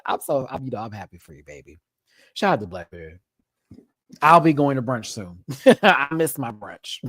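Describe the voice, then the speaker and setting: A man's voice: mid-range voice, normal speed, dry recording, studio quality. A man hosting a live-stream show, chatting casually and expressively while recapping TV and acting out quotes. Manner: animated and expressive, swears, acts out quotes.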